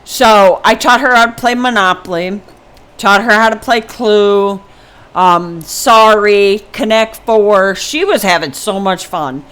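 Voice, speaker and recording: A woman's voice: medium pitch, slow pace, fairly bright tone, clean tone. An older woman vlogger telling a personal story casually, meandering with many ums and asides.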